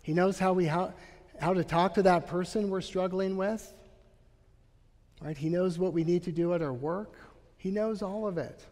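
Pastor, male, emphatic sermon delivery, fairly high voice, echoing sanctuary sound. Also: normal speed, a little mellow. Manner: earnest, emphatic preaching with frequent "Right?" asides.

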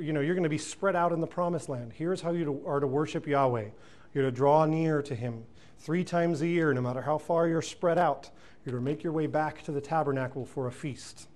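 A man leads a verse-by-verse Bible lesson in a slightly higher register. He reads scripture aloud, then unpacks it in a thoughtful, searching way, full of small fillers and restarts. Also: darkish tone. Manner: thoughtful, frequent fillers and self-corrections. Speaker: Bible teacher.

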